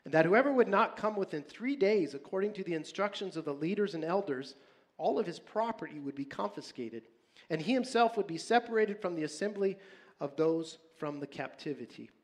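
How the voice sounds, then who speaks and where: A man in his fifties preaching a sermon, animated, swinging between loud urging and hushed asides. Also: sits high, a little fast. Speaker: pastor.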